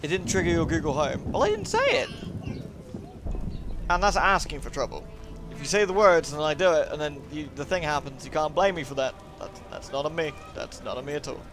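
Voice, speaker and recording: A man's voice: a little high, fast talker. A man casually commenting on a game he is playing, muttering to himself as he goes. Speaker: game streamer. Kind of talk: casual live-stream commentary. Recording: game music playing behind.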